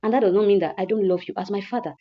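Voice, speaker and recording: A woman's voice: mid-range voice, rapid-fire, dull audio, close to an everyday voice. A Nigerian woman voicing a caring, coaxing daughter. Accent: Nigerian English. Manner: gentle, coaxing, repetitive. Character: caring teenage daughter coaxing her father.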